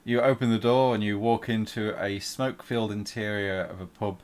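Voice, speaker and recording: A game master narrates a fantasy tabletop game in a slightly low voice. He often stops and restarts his sentences as he describes the scene. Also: fairly even intonation, darkish tone. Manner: halting, with many fillers and restarts.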